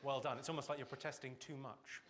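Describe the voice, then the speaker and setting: A man doing live stand-up comedy on stage, teasing the audience with quick deadpan insults. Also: mid-range voice. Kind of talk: live stand-up with crowd work. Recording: loud audience laughter and noise.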